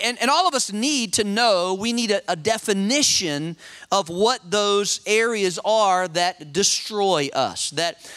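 Male pastor in his forties, high bright voice, dry close sound; animated storyteller. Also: no room sound. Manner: animated storyteller, quick restarts and repeated words. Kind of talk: sermon with personal storytelling.

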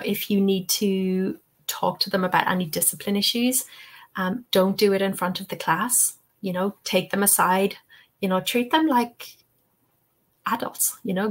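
A woman hosts a live online Q&A for English teachers. Her voice sits in a middle pitch. She sounds chatty and encouraging and keeps checking in with "okay". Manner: chatty, encouraging, peppered with "okay" and "you know". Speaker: webinar host and English-teaching trainer. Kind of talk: live webinar Q&A.

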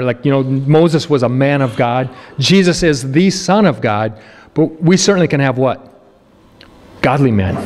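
A man preaching a sermon as pastor, chatty with joking asides and slow, emphatic scripture reading. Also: fairly high pitch, long reverb tail, noisy background. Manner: conversational, joking asides to the congregation; reads scripture slowly and emphatically. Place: church sanctuary.

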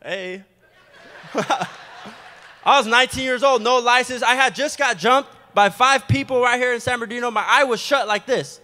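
Young man preaching his testimony, lively storyteller with quick asides, bright tone, church hall reverb. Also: extremely high pitch. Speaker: guest preacher giving testimony. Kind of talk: sermon testimony. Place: church sanctuary.

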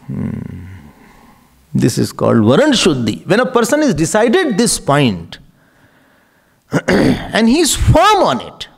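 A man delivers a spiritual discourse, his voice pitched high and swinging widely up and down. There is a gravelly edge to his tone, and he keeps posing rhetorical questions and chuckling. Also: wildly swooping pitch, slow pace, pauses often. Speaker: spiritual teacher.

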